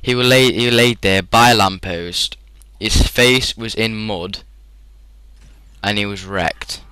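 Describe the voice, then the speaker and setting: Rambling young British gamer, dry close sound. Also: male voice, fairly low pitch, slow pace, bright, forceful tone, smooth, dry recording, poor audio. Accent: British English. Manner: rambling, chatty, frequent fillers and laughs. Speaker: gaming commentator. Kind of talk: casual storytelling over gameplay.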